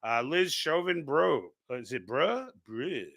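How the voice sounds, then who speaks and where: A man's voice: on the high side, expressive, measured pace, creaky, fairly bright tone, dry recording. A man with a New York accent hosting a casual political livestream, reading out chat comments and rambling with frequent restarts. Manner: rambling, many restarts and repeated words.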